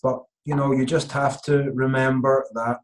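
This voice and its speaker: A man's voice: mid-range voice, little pitch movement, moderate pace, low-quality recording. A man who coaches online marketing, explaining step by step in a hesitant way with many fillers. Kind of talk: live Q&A chat.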